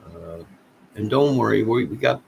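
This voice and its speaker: A man with a low, gravelly voice rambles on a late-night livestream and speaks straight to his chat. His talk drifts and turns conspiratorial, and a faint hiss sits under the recording. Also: lively intonation, normal speed, rough recording. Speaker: live streamer.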